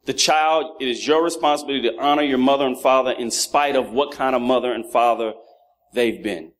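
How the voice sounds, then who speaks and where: Fairly quick and mid-range, this man in his thirties preaches with animation, jumping between funny anecdotes about his sons and lessons on fatherhood. He acts out his children's voices as he goes.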